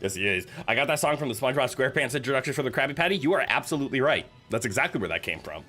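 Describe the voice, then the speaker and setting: A man's voice: mid-range voice, very animated, rapid-fire, sharp tone, breathy edge, faint music behind. A man streaming live, chatting casually with his viewers in a nervous, joking, giggly way. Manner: chatty, joking, talks to chat.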